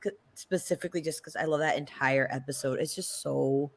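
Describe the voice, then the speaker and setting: Woman, lower voice, effusive, gushing, casual podcast chat. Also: steady tone, brisk, vocal fry. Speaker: podcast co-host.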